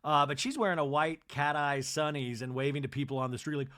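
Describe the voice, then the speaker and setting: A man's voice: on the high side, fairly quick, bright, forceful tone, clear, resonant tone. Profane, giggly male podcast host. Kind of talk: comedic reality-TV recap.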